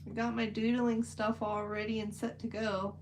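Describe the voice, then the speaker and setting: A woman's voice: fairly high pitch, flat delivery, normal speed, a little hiss or hum, rough recording. A woman chatting casually on a livestream while she paints, rambling with lots of "like" fillers. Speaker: livestream host.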